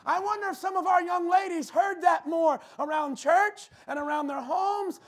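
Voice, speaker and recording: Man, pastor, very high voice, fervent sermon, shouted emphasis, church. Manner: fervent preaching with shouted emphasis and quick asides to the congregation.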